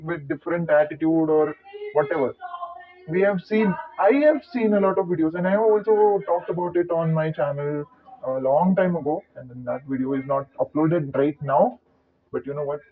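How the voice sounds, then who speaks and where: A man talks to camera in his own vlog, chatty and wandering off into playful asides. His voice sits a little high for a man. It comes through thin and tinny, like a phone call. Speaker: channel host. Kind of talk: casual talking-to-camera vlog.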